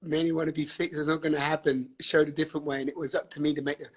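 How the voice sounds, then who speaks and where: A man's voice: a little high, level tone, rapid-fire, slightly rough. A man hosting a live online session, talking with fiery, emphatic passion, laughing often and swearing freely. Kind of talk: passionate live-stream talk. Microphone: webcam or phone on a live stream.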